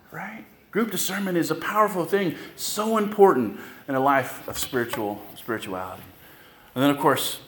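A man's voice: mid-range voice, reverberant, slight background noise. A man preaching a sermon as pastor, telling stories in a loose, conversational way with asides to the congregation.

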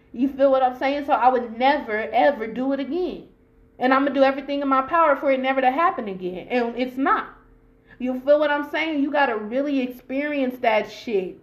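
A woman podcaster with talks straight to her listeners in a casual motivational monologue. Her voice sits a little higher than most women's, and she repeats herself for emphasis. She speaks in slangy, profane bursts. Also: echoey room. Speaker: podcast host.

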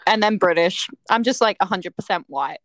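A woman's voice: medium pitch, animated, normal speed, fairly bright tone, dry recording. A young woman with an Australian accent, a podcast guest chatting casually with short, dry answers. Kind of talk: casual chat.

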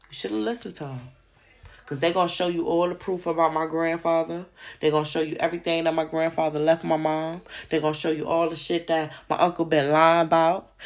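A woman host delivering a heated, profane monologue on her podcast, hammering rhetorical questions. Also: deep voice. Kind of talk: ranting monologue.

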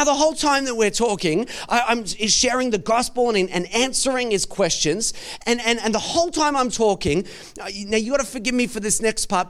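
Australian male pastor, high voice, lively storyteller who stumbles over repeated words. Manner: animated, repeats words while telling a story. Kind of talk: storytelling sermon.

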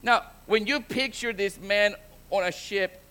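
A man preaching a bilingual sermon in a high, bright voice. He restarts and repeats words, then presses each point with rising emphasis. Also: a little slow, clean tone. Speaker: pastor.

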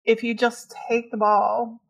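A woman's voice: fairly high pitch, level tone, a little slow, creaky. A woman in casual conversation, chatty and laughing often, with many fillers as she talks. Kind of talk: casual chat.

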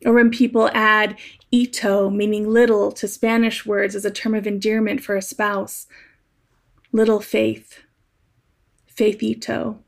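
A woman giving a gentle, thoughtful, conversational reflection on scripture, like a spoken essay. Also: mid-range voice, flat delivery, moderate pace, vocal fry.

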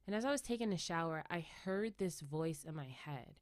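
A woman with a lower-pitched voice recounts a personal experience in a loose, rambling way, scattering "like" and "right?" through every thought. Her tone is reflective, and the sound is dry and close, with no room around it. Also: lively intonation, fairly quick, no echo. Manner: rambling, many "like" and "right?" tag questions; reflective, laughs often. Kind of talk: casual personal storytelling.

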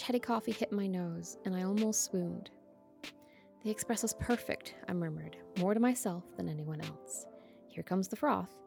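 A woman's voice: mid-range voice, creaky, dark tone. A woman hosting a podcast, bubbly and eager, reading a novel aloud. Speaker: podcast host and reader.

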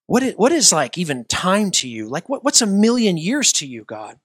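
A man's voice: high voice, wildly swooping pitch, normal speed, fairly bright tone, breathy edge, no room sound, studio quality, exaggerated voice. A man voicing an eager adult man in heaven who keeps asking God leading questions. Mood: wheedling.

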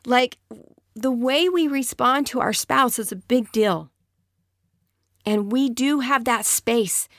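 A woman's voice: fairly high pitch, a bit bright, no room sound, studio quality. Chatty woman giving relationship advice. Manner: conversational, acts out spouse dialogue in quoted voices; frequent checking questions like right and okay. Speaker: marriage and relationship speaker. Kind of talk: advice talk to an audience.

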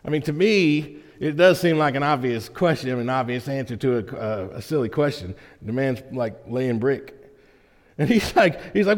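A man's voice: a little high, animated, normal speed, big-room sound. A man preaching a conversational sermon as pastor of a church, folksy and full of "right?" check-ins with his congregation. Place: church sanctuary.

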